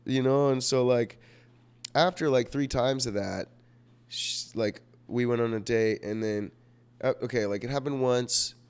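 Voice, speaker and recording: A man's voice: mid-range voice, a little slow, a little mellow, clear, resonant tone. A young man telling a rambling personal story in a vlog, profane and self-mocking, full of fillers, and sick. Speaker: vlogger.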